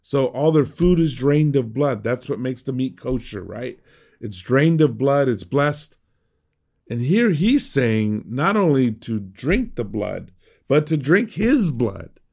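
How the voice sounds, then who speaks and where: A man's voice: medium pitch, very animated, takes it slowly, gravelly, a little mellow. A man preaching a conversational sermon as a pastor, emphatic and prone to repeating words.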